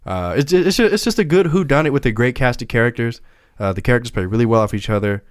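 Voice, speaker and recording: A man's voice: medium pitch, expressive, quick pace, clear, resonant tone, no echo, studio quality. A man hosting a podcast in casual chat, laid-back and rambling, with frequent restarts. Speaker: podcast host.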